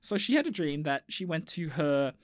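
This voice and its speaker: A woman's voice: deep voice, very animated, moderate pace. A woman podcast host, chatting casually in a sarcastic, teasing way and swearing now and then. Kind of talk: casual chat.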